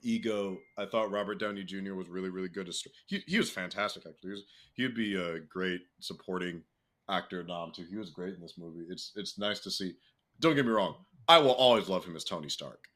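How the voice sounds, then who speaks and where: A young man co-hosting a casual podcast, talking freely with swearing and laughter, jumping into a high excited voice. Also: brisk. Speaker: podcast co-host. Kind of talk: casual chat.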